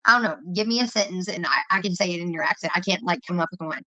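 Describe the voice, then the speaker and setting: A woman's voice: on the low side, quick pace, pushed and bright, no echo, low-quality recording. A woman chatting casually and rambling, laughing and swearing as she talks. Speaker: streamer chatting with viewers. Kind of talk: casual livestream chat.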